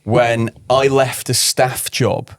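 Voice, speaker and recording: Rich: A man with a northern English accent chats on a running podcast, mid-pitched and relaxed in delivery. He pokes fun at himself, trips over his own words and laughs them off. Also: slow pace. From northern England. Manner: self-deprecating, joking, restarts often. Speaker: podcast co-host. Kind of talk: casual podcast chat.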